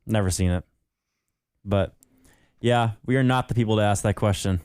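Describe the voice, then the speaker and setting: A young man with a lowish, smooth, clear voice, chatting loosely on a podcast. He jokes around and reads listener letters aloud. The sound is close and dry. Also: moderate pace, a little mellow, no echo. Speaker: podcast co-host. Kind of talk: casual podcast chat.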